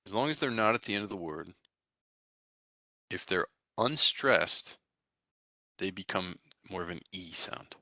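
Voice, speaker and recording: A man's voice: low voice, animated, a little slow, pauses often, sharp tone, dry recording, clean studio sound. A man teaching a language class, explaining pronunciation rules in a casual, rambling way with many fillers and restarts. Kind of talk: recorded class lecture.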